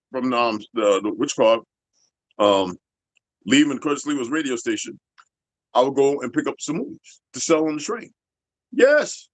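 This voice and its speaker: With a high, slightly bright voice and no echo in the recording, a man in his fifties swears his way through a rambling rant aimed at his viewers. His manner is blunt and streetwise, and he keeps drifting into asides.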